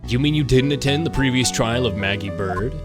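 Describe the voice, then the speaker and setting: A man's voice: medium pitch, brisk, voice pushed down, lightly acted. A man voicing a hot-tempered male thug with growling tough-guy talk. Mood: aggressive. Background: game music.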